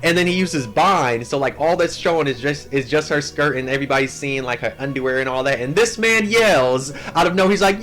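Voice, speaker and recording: Young guy for a casual anime recap: slangy and lively, a bit high-pitched, faint music behind. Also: a little fast, few pauses. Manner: slangy, animated, heavy on "like" and "yo". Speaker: anime channel host.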